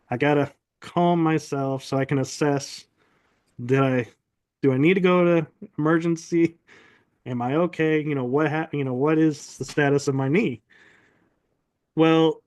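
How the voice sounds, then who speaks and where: Man, somewhat high voice, earnest storyteller, casual chat, quotes himself. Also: a little mellow. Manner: earnest storyteller acting out his own quotes. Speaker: podcast guest.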